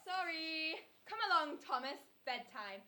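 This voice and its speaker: A woman's voice: high-pitched, animated, unhurried, sharp tone, full character voice. A young woman acting a meek, dutiful au pair in a stage radio play, polite and eager to please. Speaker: actor in a youth theatre radio play.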